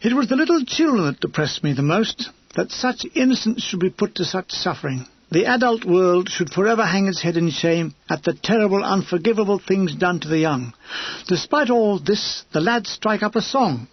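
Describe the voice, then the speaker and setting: A man's voice: sits high, expressive, normal speed, husky, no echo, muffled recording. A man reading an audiobook of a war memoir in a dry, wry manner. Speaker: audiobook narrator.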